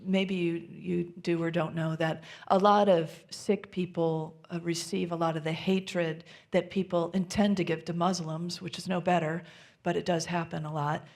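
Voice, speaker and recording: A woman minister giving a sermon in a church, speaking gently and intimately, often sinking to soft near-whispers. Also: on the low side, level tone, moderate pace, creaky. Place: church sanctuary.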